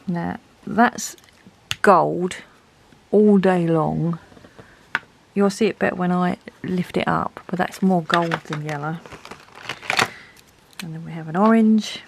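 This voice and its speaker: A woman with a lowish, gravelly voice. She talks through a product review in a casual, chatty way and thinks aloud as she tries things out. A faint hiss sits under her voice. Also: fairly even intonation, slow, long pauses, darkish tone, poor audio. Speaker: art supply reviewer.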